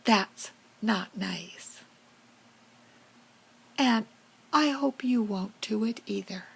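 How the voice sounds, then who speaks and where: A woman voicing a friendly, vain female fox who tells a children's story in a whispered role-play, with a slow, breathy manner. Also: medium pitch, fairly bright tone, heavily acted, low-quality recording. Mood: earnest.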